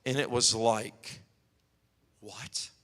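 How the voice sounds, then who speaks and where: A man preaching a sermon, telling animated stories and acting out quotes. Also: medium pitch, very slow. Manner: storytelling, animated, acts out quotes. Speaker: pastor. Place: church hall. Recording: long hall reverb.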